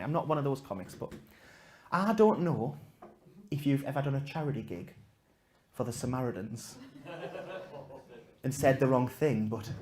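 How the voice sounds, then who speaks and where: A man doing stand-up comedy, telling a story to a live audience in a self-mocking way, swinging from loud punchlines to hushed asides. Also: a little high.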